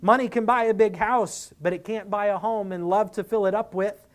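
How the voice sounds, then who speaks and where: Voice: mid-range voice, steady tone, moderate pace. A preacher giving an expository sermon, earnest and emphatic, reasoning with the listeners and acting out quoted speakers.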